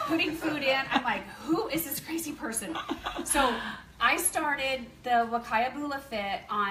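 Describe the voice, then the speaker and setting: A woman's voice: fairly high pitch, roomy sound, distant mic, noisy background. A woman in her fifties from the American South, telling a chatty, laughing testimonial to a meeting audience. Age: 50s. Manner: chatty, laughing, animated storytelling. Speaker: company distributor speaking at a meeting.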